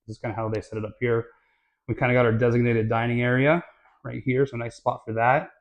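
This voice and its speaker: A man films a walkthrough of a new house, holding the camera himself as he moves from room to room. He talks in a relaxed, chatty way, full of fillers and little self-corrections. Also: mid-range voice, fast talker, dull audio. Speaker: real estate vlogger. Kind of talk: casual home tour walkthrough. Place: inside a new house, walking through rooms. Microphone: handheld camera mic.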